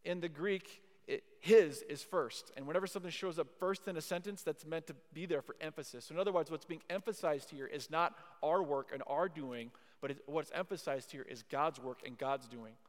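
A man preaching a sermon to a university gathering, emphatic and repetitive, leading into a quiet prayer. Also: fairly high pitch, normal speed, hardly any pauses. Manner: emphatic, repeats key phrases, then drops to a hushed prayer. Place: university chapel or hall. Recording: long hall reverb.

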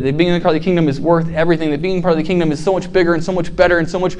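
A young man preaching to college students, telling a parable with lively acted-out voices and lots of "right?" and "like". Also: a little high, racing, hardly any pauses. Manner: animated storytelling, acts out characters, frequent "right?" and "like". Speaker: campus ministry preacher.

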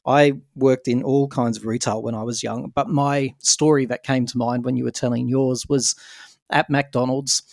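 A man hosting a podcast, chatting casually and telling an animated story. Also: medium pitch, moderate pace, gravelly, no room sound, clean studio sound. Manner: storytelling, animated when quoting others. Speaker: podcast host. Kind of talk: casual conversation.

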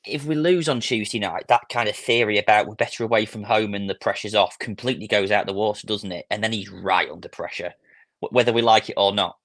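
A man's voice: fairly low pitch, steady tone, a bit bright, no room sound. A man co-hosting a football podcast, choosing his words carefully and hedging. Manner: measured, hedging. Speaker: podcast co-host. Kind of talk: casual football chat.

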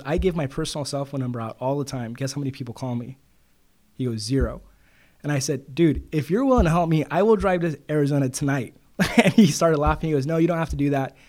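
A man's voice: medium pitch, a little mellow. A middle-aged man, a loan broker, telling stories in a casual interview and quoting others with "he goes.".

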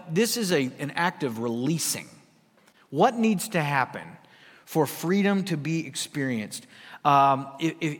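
Man, pastor, lively sermon delivery, slightly high voice, long hall reverb. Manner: animated preaching, swinging from hushed to loud, with quoted asides and humor.

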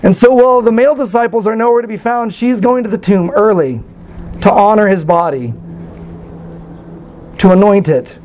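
A man's voice: sits high, moderate pace, long pauses, darkish tone, rough recording. A man preaching a sermon in an earnest, conversational way, with light self-deprecating humor. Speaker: pastor.

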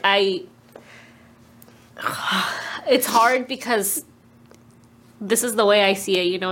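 A woman's voice: mid-range voice, slight background noise. Reassuring woman co-host. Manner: warm reassuring listener, soft affirmations; mixes in Spanish words. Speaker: podcast co-host. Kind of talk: casual supportive chat.

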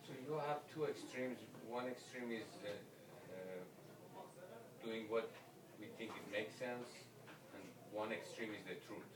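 A man in the audience of a class puts searching questions to the teacher, pausing on fillers as he thinks. His voice comes from a distance in an echoing room, and the crowd is clearly audible around him. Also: fairly low pitch. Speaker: student asking questions. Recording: echoey room, voice from far off with crowd noise.

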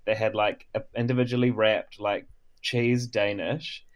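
A man's voice: fairly low pitch, level tone, measured pace, muffled recording. A man joining a podcast remotely, telling stories in a chatty, filler-heavy, playfully vain way. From New Zealand. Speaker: podcast co-host. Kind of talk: casual chat.

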